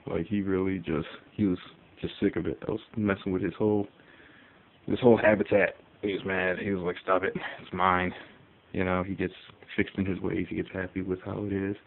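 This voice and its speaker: Deep-voiced man on a tinny phone. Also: slight background noise. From Connecticut, US. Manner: rambling, relaxed, many fillers. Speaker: pet owner. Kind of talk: casual phone vlog. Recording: tinny phone audio with faint ambience.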